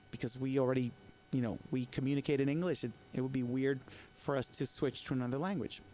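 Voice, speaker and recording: A man whose first language is Spanish, streaming and chatting casually with viewers in a rambling, opinionated, animated way. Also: medium pitch, a little hiss or hum. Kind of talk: casual chat answering viewers.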